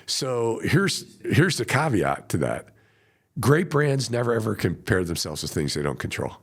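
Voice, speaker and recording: A middle-aged veteran wholesaler coaches in a conversational way, an animated storyteller who acts out client quotes as he goes. His fairly low voice carries vocal fry and a breathy edge, and his pace is measured.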